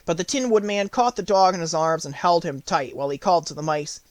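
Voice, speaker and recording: A man reading an audiobook aloud with lively, animated storytelling. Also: fairly high pitch, a little fast, hardly any pauses, no echo. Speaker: audiobook narrator.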